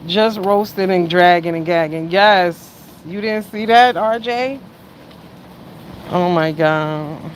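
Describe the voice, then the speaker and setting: A woman's voice: slow, a little hiss or hum. Chatty woman livestreaming to her viewers. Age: around 50. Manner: chatty, swings from loud exclamations to low mutters. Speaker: livestream host. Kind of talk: casual livestream chat with viewers.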